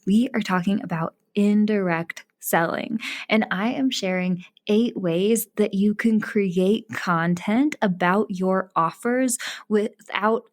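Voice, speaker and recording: Bubbly, excited woman podcast host. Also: mid-range voice, takes it slowly. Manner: bubbly and excited, laughs often, tags lines with "right?". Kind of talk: casual solo podcast chat.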